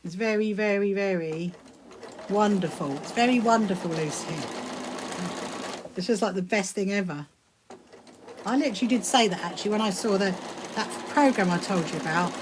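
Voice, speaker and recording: A woman's voice: mid-range voice, normal speed, pauses often, noisy background. Chatty woman hosting a sewing live stream. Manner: chatty and rambling, with bursts of excitement. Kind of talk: casual live-stream chat answering viewer comments. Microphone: phone streaming live.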